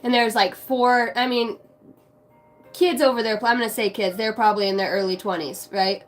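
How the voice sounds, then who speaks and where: A woman's voice: on the high side, steady tone, normal speed, faint music behind. A woman chatting casually on a live stream, brash and profane, laughing often.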